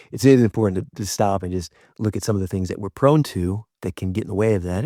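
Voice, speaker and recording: A man's voice: on the low side, darkish tone, no echo, clean studio sound. A middle-aged man hosting a reflective faith-based talk, speaking conversationally and often restarting or repeating words. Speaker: host.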